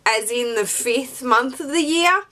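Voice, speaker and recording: A woman's voice: high voice, measured pace, pushed and bright. A young woman chatting casually to her camera at home, hyper and rambling from too much coffee. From Australia. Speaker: beauty and fashion vlogger. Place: home closet room with yellow-lit background.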